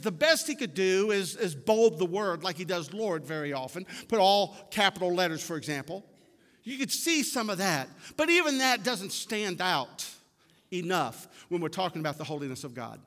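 A man's voice: high-pitched, very animated, moderate pace, a bit bright. A man preaching a sermon in a church, emphatic and folksy, repeating words for stress. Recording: long hall reverb.

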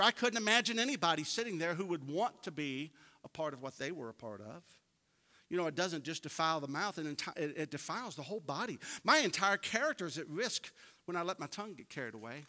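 A man preaching a sermon in a folksy, storytelling way that swells into emphatic peaks. His voice is bright and ringing, a bit higher than most men's, and it carries a long reverb from the hall. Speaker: pastor.

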